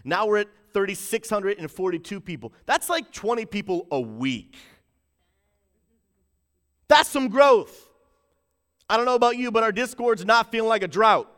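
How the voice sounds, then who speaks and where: Man, preacher, high voice, bright edge, hype-building, livestream church talk. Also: in a large hall. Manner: hype-building, call-and-response with chat; rises to shouting in bursts, drops low to stress points. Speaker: pastor.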